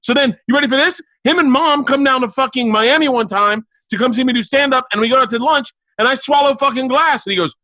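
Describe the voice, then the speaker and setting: A man on a remote call, telling family stories in a casual, animated way, cursing freely and acting out his parents. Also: extremely high pitch, quick pace, hardly any pauses, no echo. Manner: animated, profane, acts out family members. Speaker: guest, comedian. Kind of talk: casual storytelling chat.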